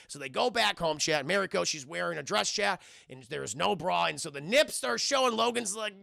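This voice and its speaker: Man film reviewer on stream, crude and joking; high, lively, gravelly voice. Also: fairly quick, hardly any pauses, no room sound, studio quality. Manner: animated, addresses chat constantly, crude jokes, acts out characters. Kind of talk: casual comedic scene-by-scene film recap.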